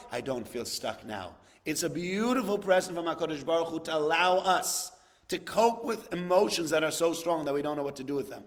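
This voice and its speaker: A man's voice: a little high, a little fast. A man giving a sermon, telling a story and rising to impassioned emphasis. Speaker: rabbi giving a talk.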